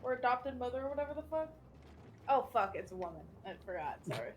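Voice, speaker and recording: A woman's voice: on the high side, big pitch swings, quick pace, a little hiss or hum. A woman streamer chatting casually while playing, swearing freely and laughing often. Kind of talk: casual game stream chat.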